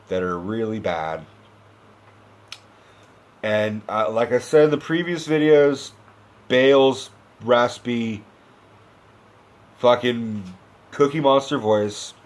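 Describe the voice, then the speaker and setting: A young man ranting about a film review, profane and exasperated, dropping into mocking impressions of the characters. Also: medium pitch.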